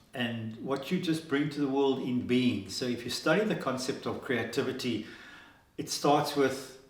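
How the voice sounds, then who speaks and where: A man's voice: mid-range voice, echoey room. A man hosting an inspirational talk, earnest and upbeat, with many fillers and restarts. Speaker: host.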